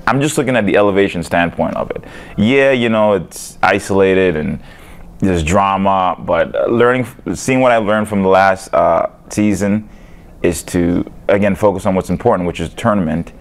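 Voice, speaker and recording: A young man with a very low, deep voice talks through an interview at an easy, unhurried clip. He is a fighter, and he rambles casually, dropping "you know" and "man" between thoughts.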